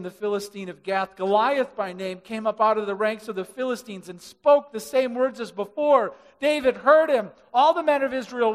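Animated high-voiced male pastor preaching. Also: long reverb tail. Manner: animated, acts out quoted voices, swings from loud to hushed. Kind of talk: sermon. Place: large church hall.

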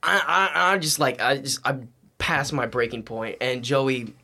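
A young man, a podcast guest, telling a story in a casual, animated, slangy and profane way. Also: medium pitch, measured pace, creaky.

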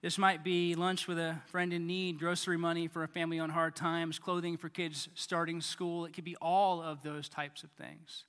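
A man in his thirties preaching a sermon in a conversational way, often repeating words and swinging between loud and quiet. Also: a little high, level tone, normal speed, hardly any pauses, clear, resonant tone, big-room sound. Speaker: pastor.

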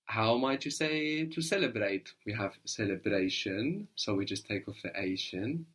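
A man teaching a language lesson, patiently encouraging and modeling words slowly, syllable by syllable. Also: lowish voice, expressive, a bit bright.

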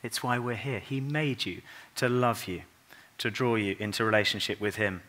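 Speaking slowly and sincerely from a church pulpit at Christmas, a man whose pitch sits on the low side lowers his voice gently during the tender passages.

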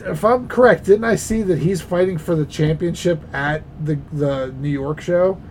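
Easygoing man with a fairly high voice. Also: moderate pace, darkish tone, slight background noise, poor audio. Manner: easygoing, hesitant, restarts often. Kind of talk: casual wrestling chat.

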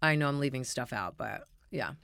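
A man's voice: animated, normal speed, vocal fry, pushed and bright, clear, resonant tone, no room sound, studio quality. A man co-hosting a podcast, chatting casually and telling stories with big dramatic quoted outbursts, still with a slight cough. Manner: dramatic storytelling, breaks into high exclaimed quotes. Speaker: podcast co-host, drag performer. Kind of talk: casual chat.

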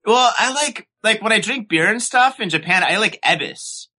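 A man's voice: sits high, expressive, moderate pace, sharp tone. A man hosting a podcast, chatting casually and swearing often. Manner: laid-back, swears often. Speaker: podcast host. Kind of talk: casual chat. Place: lives in Japan.

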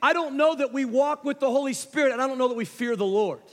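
Preacher, man, very high voice, chatty storyteller, big reverberant sanctuary. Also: fast. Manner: conversational storytelling, addresses congregation. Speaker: pastor. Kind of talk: sermon. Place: church sanctuary. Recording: long hall reverb.

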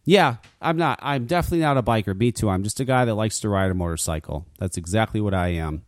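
A man's voice: lowish voice, quick pace, dry recording, clean studio sound. A man hosting a talk radio show, ranting casually with lots of swearing and stammered restarts. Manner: profane, stammering rants.

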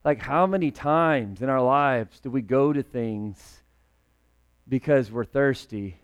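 A male pastor preaching a casual, humorous sermon in a conversational, animated way, joking with the congregation. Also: mid-range voice, takes it slowly, clear, resonant tone.

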